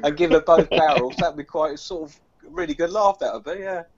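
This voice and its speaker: A man's voice: on the high side, brisk, over a noisy crowd. A man hosting a casual home-brewing video hangout, rambling and joking with lots of fillers. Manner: jokey, rambling, lots of "like" and "sort of". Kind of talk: casual banter on a group video call. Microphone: video call. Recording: dull lo-fi video call audio with background noise.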